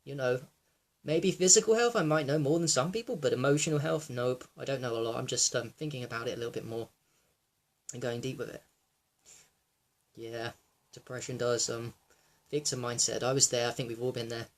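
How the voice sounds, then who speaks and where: A young man in a raw personal monologue, reflective and halting, with many fillers and restarts, sometimes close to tears. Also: mid-range voice. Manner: emotional, close to tears at times. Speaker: wellness vlogger.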